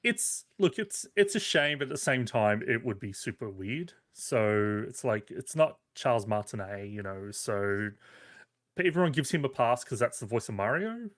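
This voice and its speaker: A playful man jokes with his co-hosts on a gaming podcast. His pitch rises and falls freely as he talks. The recording is dry and close. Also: moderate pace, no room sound. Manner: animated, playful. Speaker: podcast co-host. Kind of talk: casual chat.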